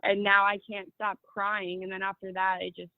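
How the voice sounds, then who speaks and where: A woman's voice: medium pitch, completely flat delivery, normal speed, no echo. Twenties, woman, casual storyteller, heavy on "like", tinny phone line. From Los Angeles, California. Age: 20s. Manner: chatty, fills speech with "like". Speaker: guest.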